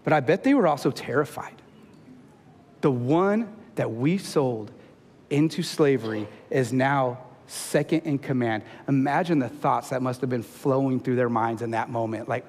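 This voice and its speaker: A man preaching a sermon as pastor, talking in a conversational way and often checking in with his listeners. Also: moderate pace. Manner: conversational preaching, often asks the crowd "right?"; rises to an emphatic, high-pitched peak when urging the men. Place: church sanctuary. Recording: long hall reverb in a church.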